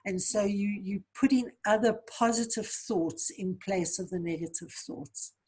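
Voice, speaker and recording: Speaking a little slowly in a medium-pitched, darkish, slightly rough voice, a woman guest reflects earnestly on healing. As a coach for trauma survivors, she gives advice and tells her personal story in interview answers.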